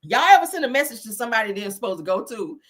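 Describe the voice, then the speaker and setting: A woman hosts a casual gossip commentary in a husky, animated voice that swings widely in pitch. She talks in loose, slangy asides and rides her stories with plenty of laughter. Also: racing. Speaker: commentary channel host.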